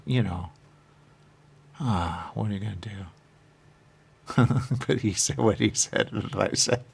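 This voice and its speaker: A man telling a rambling improvised comic monologue, laughing often and swinging from shouting to muttering. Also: lowish voice, vocal fry.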